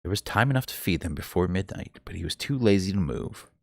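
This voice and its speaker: Guy reading a novel aloud live, gravelly low voice, super lively ups and downs, dry close sound. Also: quick pace, no echo. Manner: expressive storytelling with occasional stumbles. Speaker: book reader.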